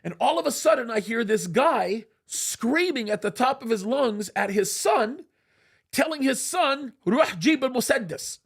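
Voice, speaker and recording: Male studio host, high voice, animated storyteller who acts out dialogue. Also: measured pace, gravelly, breathy edge. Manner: animated, acts out quoted speech. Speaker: show host.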